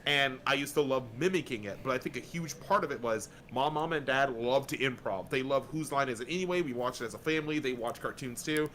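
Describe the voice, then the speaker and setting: A man from Florida, a guest on a casual podcast, telling lively stories and swearing freely. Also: mid-range voice, slight background noise. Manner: animated storyteller, slips into quick voices, swears freely.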